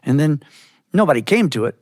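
A man from Georgia, telling a story in an animated way with chuckling asides. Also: a little high, fairly quick, no room sound, studio quality. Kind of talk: storytelling performance.

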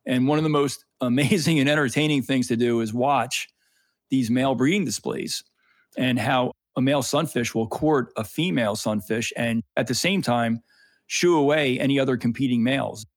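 A man's voice: mid-range voice, normal speed, no echo. A man in a mid register talks eagerly about fish and streams, leaning on little fillers as he explains. The sound is dry and close, with no room around it. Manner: animated, explains with lots of fillers. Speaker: freshwater snorkeling guide. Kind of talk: enthusiastic explanatory interview talk.

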